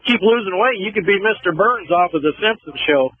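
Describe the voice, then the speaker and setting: A man's voice: high voice, lively intonation, fairly quick, breathy edge, no echo. A man calling in to a radio show, a truck driver with an easygoing, dryly joking manner. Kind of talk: call-in chat. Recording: lo-fi phone call.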